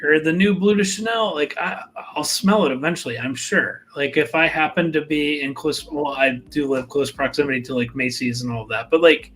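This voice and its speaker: A man's voice: medium pitch, fairly quick, few pauses, a bit bright, faint music behind. A man hosting a live fragrance chat, talking in a rambling, laid-back way full of fillers. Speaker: fragrance channel host.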